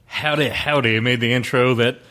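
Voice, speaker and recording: A man's voice: mid-range voice, fairly even intonation, normal speed, very noisy. A man with a West Texas twang, hosting a podcast in casual, joking talk. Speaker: podcast host. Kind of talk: casual chat.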